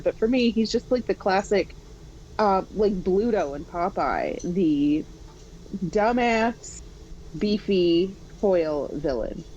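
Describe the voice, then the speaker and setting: A woman's voice: lowish voice, a little mellow, muffled recording, slight background noise. A woman co-hosting a casual podcast chat, arguing her point openly and owning up to her bias. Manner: argues her case openly, admits bias. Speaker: podcast co-host.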